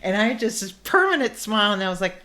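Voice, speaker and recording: A woman's voice: medium pitch, very animated, fast, bright, forceful tone. A woman hosting a video-call interview, chatty and effusive, who laughs easily. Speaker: podcast host. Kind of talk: casual interview.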